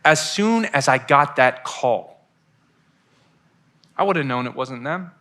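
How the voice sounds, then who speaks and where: A man in his thirties giving a youth sermon, telling stories in a lively way and acting out voices on the phone. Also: medium pitch, slow pace, long pauses. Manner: animated storytelling with acted-out phone voices. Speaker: youth pastor.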